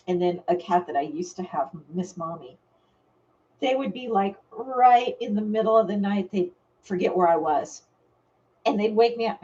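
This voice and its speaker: A woman's voice: medium pitch, mellow, lo-fi sound. A woman hosting a casual live vlog, chatting with viewers by name and laughing often. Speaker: vlog host. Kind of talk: casual live-stream chat. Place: home.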